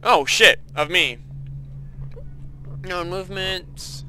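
A man commentating his own gameplay, excitable, swearing and muttering to himself. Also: sits high, slow, noisy background. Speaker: let's play host.

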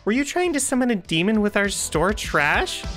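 A woman's voice: medium pitch, big pitch swings, normal speed, a bit bright, soft background music. A woman giving let's play commentary on a horror game, chatty and jumpy with frequent laughter. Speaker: gaming streamer.

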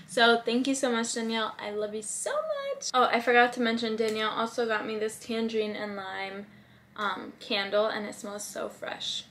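A woman's voice: fairly high pitch, little pitch movement, normal speed, a bit bright, a little hiss or hum. Gushing young woman showing off gifts. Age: 20s. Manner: gushing, chatty, many likes and ums. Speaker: vlogger. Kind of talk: casual haul vlog.

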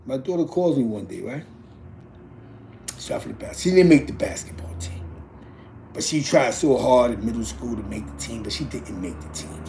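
A man's voice: mid-range voice, expressive, moderate pace, vocal fry, mellow, slight background noise. A man in his forties telling a personal story as a father, with street slang and asides. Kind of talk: casual storytelling to camera.

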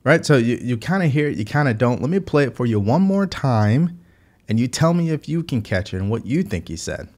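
A man's voice: mid-range voice, sing-song, fairly quick, a little mellow. A man hosting a political commentary channel, speaking emphatically and addressing the viewer directly.

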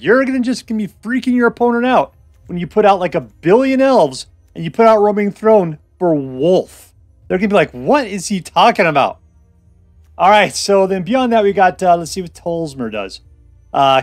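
Goofy, animated male game host. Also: sits high, no echo, clean studio sound. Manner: goofy, jokey, hype-y, puts on silly voices. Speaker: host of a card game channel. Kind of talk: playful gameplay commentary.

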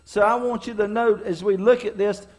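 A middle-aged pastor from preaches with a notably high-pitched man's voice. He tells folksy, funny stories from his own life, rising and dropping for dramatic effect as he draws the lesson. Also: fairly even intonation, normal speed. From North Carolina, US. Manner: folksy, humorous storyteller with dramatic swings in delivery. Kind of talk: storytelling sermon.

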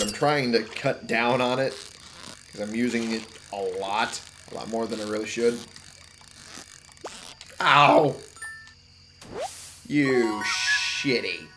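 Slow, swearing gamer man muttering along. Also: mid-range voice, background noise. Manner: curses loudly at the game, mutters to himself. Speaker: let's play gamer. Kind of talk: casual gameplay commentary.

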